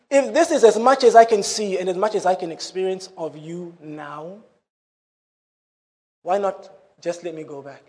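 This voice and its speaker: A man preaching a sermon in an animated way, breaking into laughing asides. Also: sits high, brisk, a little hiss or hum.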